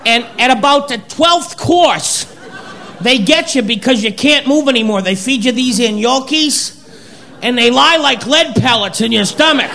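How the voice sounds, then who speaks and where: A man doing a stand-up comedy routine, telling an animated story to a live audience. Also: very high voice, unhurried, creaky, a faint crowd, slight background noise.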